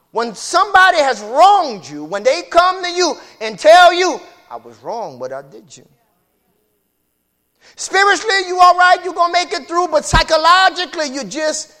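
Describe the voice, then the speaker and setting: A man preaching a sermon, swinging between shouted whooping and low, hushed talk.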